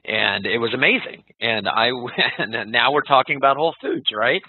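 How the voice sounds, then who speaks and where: A man hosting a casual interview, relaxed and affirming. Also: mid-range voice, moderate pace, slight background noise. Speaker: host. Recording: tinny phone-line sound.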